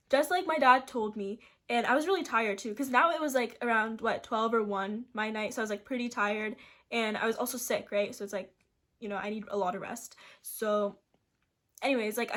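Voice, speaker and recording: A woman's voice: a little high, a bit bright. Rambling young woman telling a story. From Seattle, USA. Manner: rambling, full of "like" fillers and restarts. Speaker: vlogger. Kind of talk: casual storytime narration.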